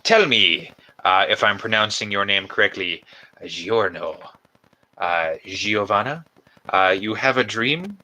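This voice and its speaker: A man's voice: on the low side, expressive, slow pace, pushed and bright, poor audio. A man chatting casually on a livestream while he builds a costume by hand, rambling and chatty with lots of fillers. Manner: talks while working with his hands. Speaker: cosplay maker streaming his build.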